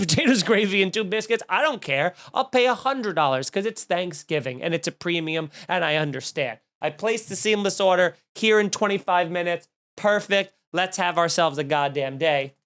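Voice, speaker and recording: Indignant comic man ranting. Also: high voice. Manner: animated, indignant, swearing, rising to mock outrage. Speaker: comedian podcast host. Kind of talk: comedic rant storytelling.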